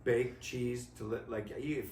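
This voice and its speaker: A Canadian man co-hosting a casual chat, an animated storyteller who is quick to laugh. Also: mid-range voice, recorded from a distance. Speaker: co-host and athlete. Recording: echoey garage, voice a little off-mic, faint noise.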